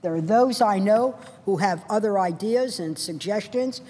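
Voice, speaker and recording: A woman senator speaking on the floor of a large legislative chamber, her voice at a middling pitch. She builds her points into short, punchy, repeated phrases with rising passion. Her words ring out with a long reverb from the big hall. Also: moderate pace, dark tone, slightly rough.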